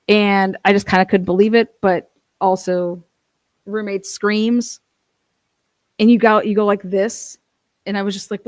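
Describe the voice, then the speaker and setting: A young adult woman giving casual true crime commentary, blunt and profane, telling stories with animated asides. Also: mid-range voice, normal speed, dry recording.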